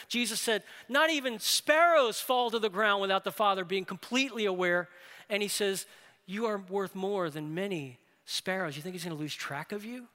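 A man preaching a sermon as pastor, earnest, often closing a point with a quick "right?". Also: sits high, pushed and bright, long reverb tail.

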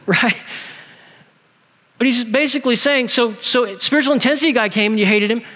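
Man, 40s, pastor, sermon, high voice, playful rhetorical questions, long church reverb. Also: moderate pace, pauses often. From Texas. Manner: lively preaching with humor and rhetorical questions.

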